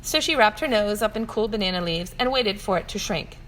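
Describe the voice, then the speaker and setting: Expressive woman reading a bedtime story. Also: mid-range voice, fairly quick. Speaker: storytime reader for a shop. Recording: long room reverb, faint ambient noise.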